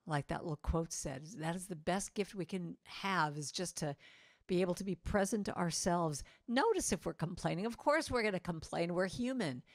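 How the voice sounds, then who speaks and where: A woman's voice: no echo, clean studio sound. A middle-aged woman giving a storytelling talk to a congregation, chatty with lots of "you know," acting out quoted moments. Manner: warm, conversational, many "you know" fillers; acts out quoted moments with pitch jumps. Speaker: speaker at a spiritual center.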